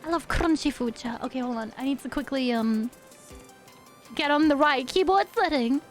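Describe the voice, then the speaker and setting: Bubbly high-voiced woman streamer. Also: normal speed, soft background music. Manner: bubbly and silly, hums nonsense syllables between remarks. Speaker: virtual streamer. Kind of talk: casual livestream chat with viewers.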